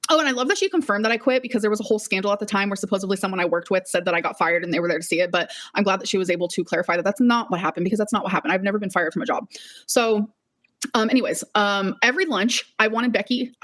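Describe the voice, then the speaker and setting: A young woman speaking on a live-stream vlog, talking quickly in a heated, repetitive rant full of swearing. She sounds shaky and upset. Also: medium pitch. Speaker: vlogger.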